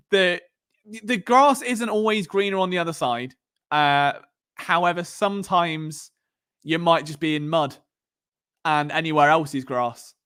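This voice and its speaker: A man's voice: high-pitched, a bit bright, clean tone. Rambling English man on a live stream. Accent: Southern English. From England. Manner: rambling, conversational with frequent fillers and restarts. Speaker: podcast host. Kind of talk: casual live-stream commentary.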